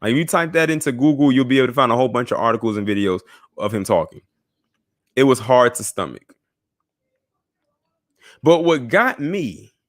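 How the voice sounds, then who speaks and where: Animated young man ranting to viewers. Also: fairly high pitch. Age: young adult. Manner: animated, talks to viewers directly, scoffing asides. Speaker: commentary show host. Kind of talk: casual news commentary monologue.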